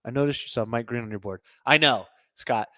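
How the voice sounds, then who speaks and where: A man's voice: medium pitch, a little fast, sharp tone, dry recording. Solo sports host, male, opinionated ranter, dry close sound. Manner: opinionated, rants, repeats himself.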